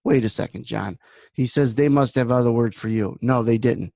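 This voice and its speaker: A man's voice: medium pitch, normal speed, creaky, warm tone, dry recording. A man hosting a trading room, giving blunt market commentary that wanders into personal stories. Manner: blunt, rambling storyteller.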